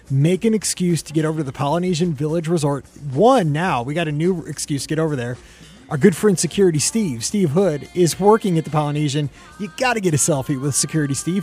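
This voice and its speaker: A man's voice: on the high side, darkish tone. Upbeat joking male podcast host. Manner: upbeat, joking, rambling asides. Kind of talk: casual podcast chat.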